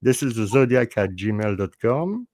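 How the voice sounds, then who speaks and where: A man with a French accent, a native French speaker hosting a panel podcast in casual chat, halting and restarting often. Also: lowish voice, big pitch swings, a little mellow, no room sound. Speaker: podcast host.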